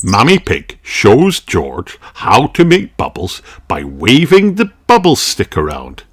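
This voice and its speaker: Slow, expressive man reading a storybook. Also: medium pitch, breathy edge. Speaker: children's book reader. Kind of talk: storybook read-aloud.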